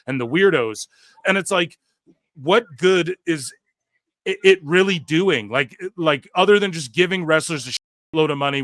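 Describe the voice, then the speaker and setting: A man rants at length, exasperated and profane, leaning on filler words as he circles back to his point. His voice sits a bit high, and the recording is dry and close with no room sound. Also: fairly bright tone, dry recording. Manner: exasperated, profane, repeats himself with many "like"s. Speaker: podcast co-host. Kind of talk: heated wrestling-commentary rant.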